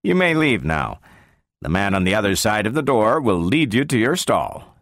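A man reading the part of a brisk male scientist who questions a robot in a probing, sometimes sharp way. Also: fairly low pitch, big pitch swings, no room sound.

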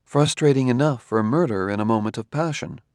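Cast a male actor as an unflappable robot detective, formal and measured, mid-pitched, dry close sound. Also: a little mellow, dry recording, natural voice. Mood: probing. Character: calm, precise male humanoid robot detective. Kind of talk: audiobook character reading.

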